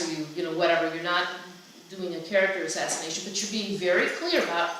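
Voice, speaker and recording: A woman presenting a workshop in a chatty, animated way, often restarting her sentences. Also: fairly low pitch, brisk. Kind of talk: conversational seminar talk. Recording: echoey room from a distance with faint noise.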